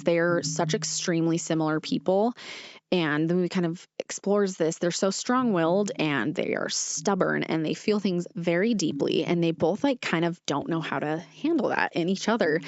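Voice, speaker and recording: A young woman hosts a casual podcast, earnest and rambling, full of fillers and quick self-corrections. Her voice sits low for a woman, and the sound is dry and dull, like a lo-fi home setup. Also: no room sound. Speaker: podcast host.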